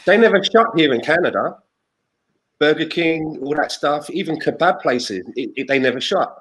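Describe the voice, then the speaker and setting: A man co-hosting a casual chat, full of teasing banter and quick laughs. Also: fairly high pitch, expressive, fairly bright tone, slightly rough, poor audio. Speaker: co-host.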